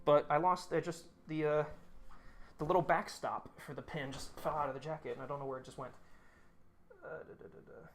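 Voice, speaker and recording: A man's voice: on the high side, steady tone, fairly quick, slight background noise. A man hosting a live stream, chatting casually and rambling with lots of fillers and restarts.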